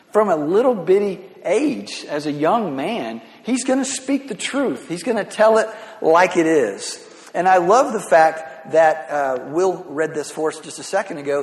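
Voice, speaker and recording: A male pastor preaching a sermon in a conversational way, often repeating words and asking "right?". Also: medium pitch. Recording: echoey hall reverb.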